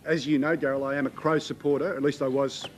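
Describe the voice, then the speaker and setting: A man judging acts on a live TV variety show with dry, wry deadpan remarks. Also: medium pitch, quick pace, noisy background. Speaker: talent show judge. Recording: live TV studio with audience and band.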